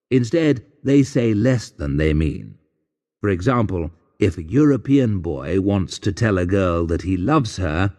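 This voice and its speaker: Guy reading an audiobook story real slow, deadpan and wry, voice bouncing up and down, bit of hall echo. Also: on the low side. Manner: dry, wry, deadpan humor. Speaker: audiobook narrator. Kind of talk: scripted narration of a graded reader.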